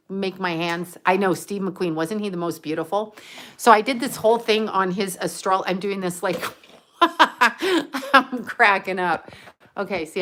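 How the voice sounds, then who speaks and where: A woman's voice: mid-range voice, a bit bright. Middle-aged woman, livestream host, chatty, laughs a lot, casual swearing, phone mic. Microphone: handheld phone.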